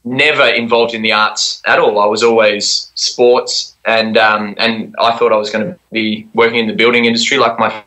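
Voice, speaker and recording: A young Australian man talks casually over a video call. His voice has a bright, forward edge, and he chats in a relaxed way, laughing often. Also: fairly low pitch, moderate pace, few pauses, low-quality recording. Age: 20s. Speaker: guest actor. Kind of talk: casual interview chat.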